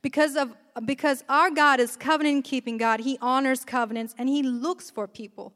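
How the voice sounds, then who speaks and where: A woman preaching a sermon in an animated way, acting out quoted speech. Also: high voice, fast. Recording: hall reverb.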